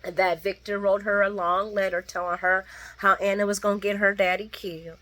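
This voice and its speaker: A woman's voice: level tone, brisk, pushed and bright. Sassy woman doing a soap recap. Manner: sassy, blunt, talks to viewers as "girl" and "guys"; acts out characters' lines with big pitch jumps. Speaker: soap opera recap vlogger. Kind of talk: casual late-night recap chat.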